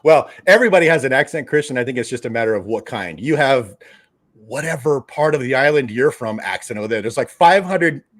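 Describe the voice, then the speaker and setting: A man hosting a live stream in a relaxed, jokey way, calling out viewers by name. His voice sits in a middle pitch, neither high nor low. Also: brisk. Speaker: host of a collectibles show's live stream. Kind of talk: casual live-stream chat.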